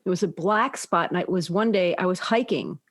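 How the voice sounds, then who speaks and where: Woman, podcast co-host, casual chat, lively profane storytelling. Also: on the low side, brisk. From Southern California.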